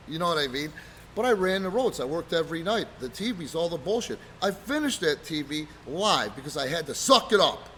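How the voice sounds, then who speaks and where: Profane, animated man telling road stories. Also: on the high side, a little fast, a little hiss or hum. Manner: profane, animated, acts out quotes loudly. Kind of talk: casual storytelling chat.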